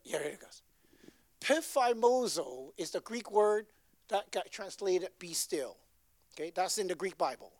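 A woman's voice: lowish voice, dry recording, studio quality. A woman preaching a sermon in a conversational way, often checking in with her listeners. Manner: conversational, keeps asking "right?".

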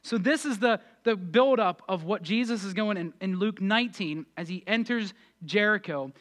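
A man pastor preaching a sermon and leading prayer, energetic and emphatic with fervent peaks. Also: high-pitched, normal speed.

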